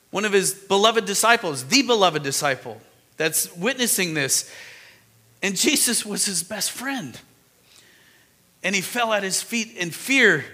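Bright-voiced man preaching with emphasis. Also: a little high, in a large hall. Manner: animated, emphatic preaching with sudden rises and drops. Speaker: pastor. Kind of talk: sermon.

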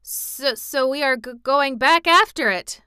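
A woman's voice: high-pitched, a little slow, pushed and bright, dry recording, clean studio sound, voice pushed up. A woman voicing a cowardly army general who stammers nervously.

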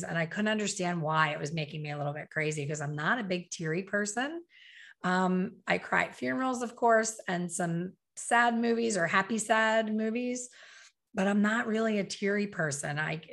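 A woman's voice: on the low side, gravelly, fairly bright tone. A middle-aged woman telling her personal story in a candid, conversational way, acting out her own past thoughts.

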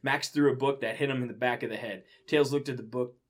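A young man reads fan fiction aloud and keeps breaking off for disbelieving asides. His voice sits in an ordinary middle pitch, and his delivery is loose, amused and unpolished. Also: fairly even intonation, fast. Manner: laughing, incredulous asides. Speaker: reader.

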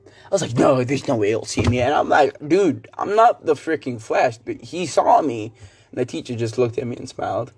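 A man's voice: mid-range voice, a little fast, creaky, a little mellow, slight background noise. A teenage boy hosting a solo podcast, rambling through a story in casual chat with lots of fillers. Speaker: student podcaster.

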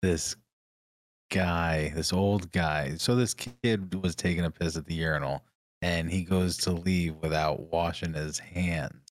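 A man's voice: low voice, steady tone, takes it slowly, dry recording. A man co-hosting a podcast, telling stories in a laid-back way, laughing often and answering with short agreements. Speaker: podcast co-host. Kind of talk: casual storytelling banter.

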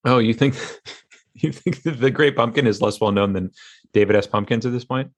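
A man's voice: medium pitch, normal speed. Exasperated man groaning through a game. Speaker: podcast co-host. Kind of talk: casual game banter.

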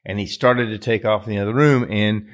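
A low-voiced man hosting his own podcast and telling a personal story. He speaks in an earnest, rambling way, full of fillers and restarts. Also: fairly even intonation, fairly quick. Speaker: podcast host. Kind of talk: casual storytelling monologue.

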